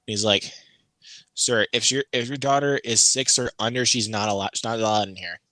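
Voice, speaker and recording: A man co-hosting a casual chat, telling a story with animated delivery and acting out the people he quotes with big jumps in pitch. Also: moderate pace, dry recording.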